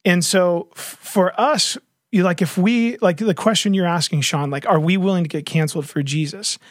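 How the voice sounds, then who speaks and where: A man's voice: sits high, normal speed, no room sound. Earnest man with a dry close sound. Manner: earnest, animated storytelling with many fillers and restarts. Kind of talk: casual faith discussion.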